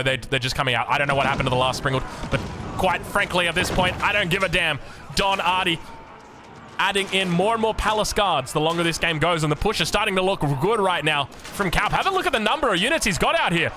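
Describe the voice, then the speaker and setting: An excitable Australian man commentating a strategy game, chatty and jokey, sometimes breaking into shouts. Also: high voice, fast talker. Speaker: game caster.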